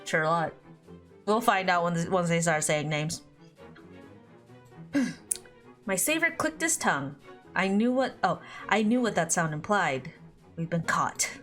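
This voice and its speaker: A woman's voice: fairly low pitch, measured pace, long pauses, a bit bright, faint music behind. A woman streaming a visual novel, reading it aloud with giggly, chatty commentary. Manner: giggly, laughs often, chatty asides. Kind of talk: casual let's-play commentary and reading aloud.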